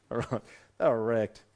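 A man preaching a sermon, reading scripture aloud and breaking off into lively, conversational comments for his congregation. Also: mid-range voice, takes it slowly. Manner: animated, conversational, swings from loud asides to quiet reading. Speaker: pastor.

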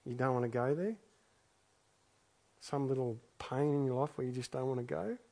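A mid-range, creaky, mellow voice at a moderate pace belongs to a man preaching as a pastor. He reads scripture aloud and reflects on it earnestly, often repeating his phrases for emphasis.

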